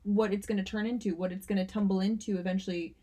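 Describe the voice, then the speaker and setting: A woman's voice: mid-range voice, fairly even intonation, fast talker, mellow. A woman co-hosting a podcast, chatting casually about a film and laughing often. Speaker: podcast co-host. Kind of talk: casual chat.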